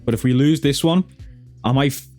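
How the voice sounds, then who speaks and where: A man's voice: mid-range voice, brisk, a little mellow, soft background music. A man giving casual, chatty commentary over his own football video game, swearing and calling viewers lad and bro. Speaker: gaming YouTuber.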